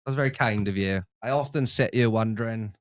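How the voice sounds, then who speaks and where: A man's voice: lowish voice, a little fast. Easygoing young man telling stories. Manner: relaxed storytelling, easygoing. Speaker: co-host. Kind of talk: casual live-stream chat.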